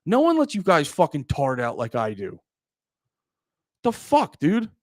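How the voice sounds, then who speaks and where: This man's voice is on the high side, with wildly swooping pitch and a slightly slow pace, recorded at studio quality with no echo. A Pennsylvania comedian, he hosts a livestream and talks to chat in a rambling, profane, heated manner.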